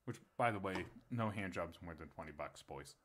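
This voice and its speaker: Young male podcast co-host: lively, bright voice, crude and animated storyteller. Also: deep voice, moderate pace. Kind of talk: casual storytelling chat.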